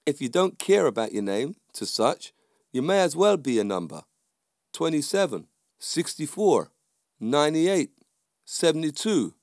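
A man's voice: medium pitch, sing-song, moderate pace, gravelly, no room sound, clean studio sound. A man giving an emphatic casual monologue as a podcast host, often adding tag questions.

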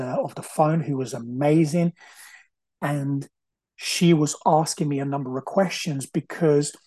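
Husky man telling his story. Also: medium pitch, a little mellow, dry recording. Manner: earnest, repeats himself, frequent restarts. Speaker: podcast host. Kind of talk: personal storytelling monologue.

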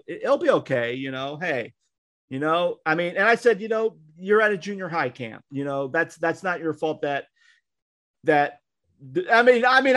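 A man tells a story on a casual podcast, his voice sitting fairly high for a man. He acts out the quotes in his story and keeps restarting his sentences as he goes. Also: a bit bright. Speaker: podcast co-host, minister.

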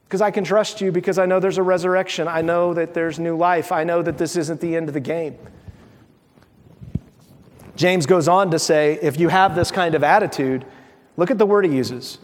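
A man preaching a sermon as pastor, animated and playful, acting out little dialogues. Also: high voice, moderate pace. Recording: long hall reverb.

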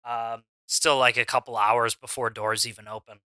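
A man narrating a tabletop wrestling game as game master, in an unhurried way with lots of ums and uhs. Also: medium pitch, level tone, bright, forceful tone, no room sound.

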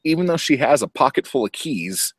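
A man's voice: medium pitch, fairly quick, slightly rough, no room sound. A man casually recapping a film, swearing a lot and acting out the characters' lines as he goes. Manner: profane, animated storytelling with acted-out quotes. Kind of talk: casual movie recap chat.

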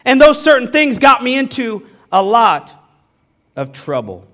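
A man's voice: very high-pitched, sing-song, measured pace, fairly bright tone. A man from the American Midwest, a pastor giving a candid sermon, telling personal stories and speaking straight to his congregation with self-deprecating humor.

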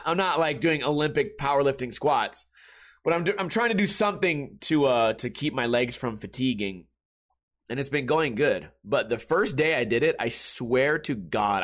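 A man's voice: mid-range voice, a bit bright. A middle-aged man hosting a casual solo podcast, rambling through tangents, swearing and mocking himself. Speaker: podcast host.

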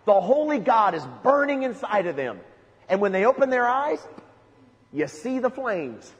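A man's voice: very high-pitched, very animated, normal speed, lo-fi sound. A man preaching a sermon, emphatic, with rhetorical questions and lists. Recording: long hall reverb.

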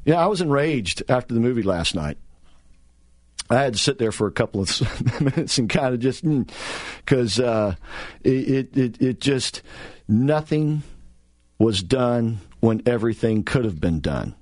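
A man's voice: medium pitch, animated, unhurried, darkish tone. A man hosting political talk radio, speaking in a sarcastic, heated way with many restarts and repeated words.

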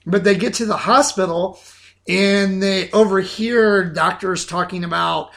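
A man's voice: high-pitched, measured pace, gravelly. A man co-hosting a podcast, talking casually about an old comedy film, stumbling and restarting his sentences as he goes. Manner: animated, repeats words, many restarts. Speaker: podcast co-host.

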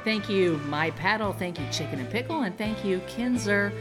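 An upbeat woman podcast co-host chats and then closes the episode, thanking everyone in an easy tone. Her voice is mid-pitched. Clear music runs under her. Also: expressive, normal speed. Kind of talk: casual chat and sign-off.

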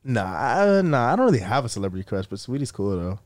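A man's voice: mid-range voice, very animated, fast, no room sound, studio quality. A young man who is a college freshman guesting on a casual podcast. He is laid-back, laughs easily and often restarts his sentences. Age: young adult.

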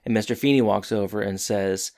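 A man co-hosting a podcast, recapping a TV episode in a rambling, halting, self-correcting way. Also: fairly low pitch, darkish tone. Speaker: podcast co-host. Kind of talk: casual TV episode recap chat.

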